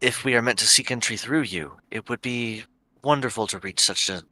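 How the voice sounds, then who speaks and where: A man with a bright, lowish voice playing a tabletop game, earnest and polite in character. The sound is dry and close. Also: normal speed, no echo, poor audio. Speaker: player. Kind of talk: tabletop role-play.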